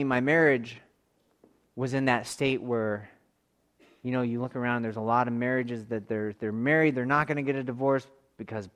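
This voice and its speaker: Earnest male pastor in his thirties, testimony-style sermon, swells and hushes. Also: mid-range voice, fairly even intonation, moderate pace, pauses often. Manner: earnest, swells louder on emphasis and drops to a hush.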